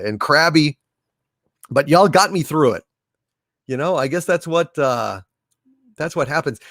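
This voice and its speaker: Lively-pitched man hosting a livestream. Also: creaky, no room sound, studio quality. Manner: hesitant, many filler "uh"s, jokey. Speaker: livestream host. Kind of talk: casual livestream chat, thanking donors.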